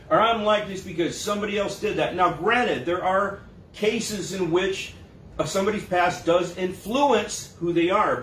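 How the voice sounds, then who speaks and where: Echoey pastor preaching in a casual tone. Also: male voice, high voice, a little hiss or hum. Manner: conversational preaching, acts out quoted voices. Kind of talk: sermon. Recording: echoey room, mic at a distance.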